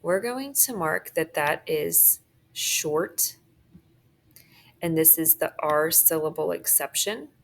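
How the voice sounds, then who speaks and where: A woman teacher with a low, slow voice and vocal fry guides students through a phonics worksheet, marking words and often checking in with "okay?" A slight hiss or hum is audible.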